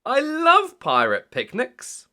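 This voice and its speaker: A man voicing an excitable little girl piglet in a storybook reading, squealing and gleeful. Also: very high-pitched, slow pace, voice pushed up, exaggerated voice.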